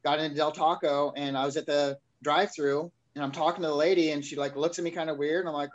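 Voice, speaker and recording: A man tells his story to an interviewer, speaking candidly and slipping into his own past remarks as he recalls them. His voice sits a little high for a man. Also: steady tone, fast, few pauses, lo-fi sound. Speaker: guest.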